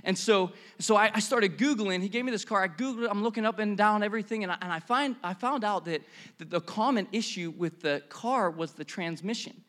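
A male pastor preaches a sermon, telling stories in an animated, conversational style punctuated by bursts of emphasis. His voice sits high and his delivery is brisk.

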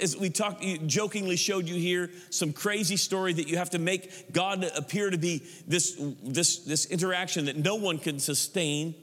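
High-voiced pastor preaching in an echoing hall. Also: male voice. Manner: animated preaching, mocking churchy prayer voices. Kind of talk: sermon.

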